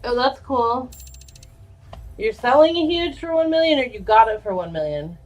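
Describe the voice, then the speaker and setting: A woman's voice: on the high side, lively intonation, moderate pace, highs cut off. A woman live-streaming a giveaway, chatting casually with viewers and reading out their names. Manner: chatty, reads viewer names and answers chat.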